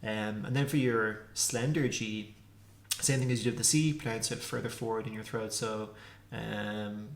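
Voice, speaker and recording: A man teaching a casual pronunciation lesson, repeating consonant sounds slowly to demonstrate them. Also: on the low side, steady tone. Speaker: language teacher. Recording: echoey room.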